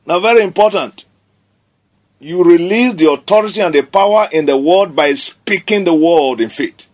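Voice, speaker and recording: A man's voice: high-pitched, normal speed. A man preaching a sermon, declaring scripture emphatically and repeating key phrases.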